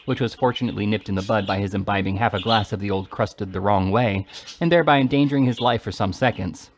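A man reading a classic novel aloud in an expressive, animated way. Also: mid-range voice, a little hiss or hum. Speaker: reader.

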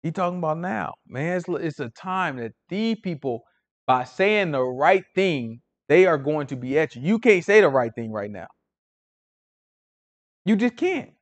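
A man leading an informal Bible study, animated and preachy with a slangy, conversational way of talking. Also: fairly high pitch, measured pace. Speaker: Bible teacher.

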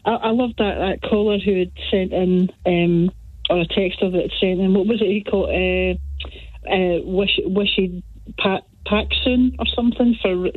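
A woman's voice: medium pitch, breathy edge, no room sound. A woman calling in to a radio phone-in, chatty and giggly, rambling a little as she talks. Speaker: caller. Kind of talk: phone-in call. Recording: tinny phone line, dry.

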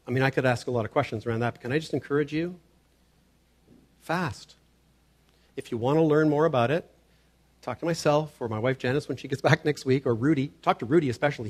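Male pastor, sermon delivery, earnest, slightly high voice, stammers on openings. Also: a little mellow. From Canada. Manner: earnest, stammers on word starts, acts out quoted voices.

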